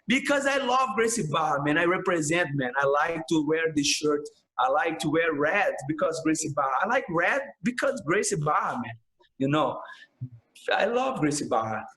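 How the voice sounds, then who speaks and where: A man's voice: on the high side, expressive, normal speed, fairly bright tone, roomy sound, rough recording. A man, a jiu-jitsu instructor talking passionately in a casual podcast interview, filling his speech with "man" and "bro".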